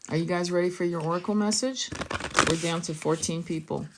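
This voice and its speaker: Low-pitched woman hosting an oracle stream, coaxing viewers to open up. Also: fairly quick, heavy background noise. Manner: encouraging, coaxing viewers to share. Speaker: tarot and oracle reader hosting a live stream. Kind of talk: live-streamed spiritual session.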